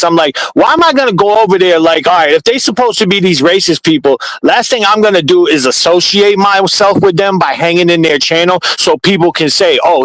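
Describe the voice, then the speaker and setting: A man's voice: high-pitched, fairly bright tone, no room sound, poor audio. A man telling a long, profane story in casual talk on a live stream panel. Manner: rambling, heated, profane.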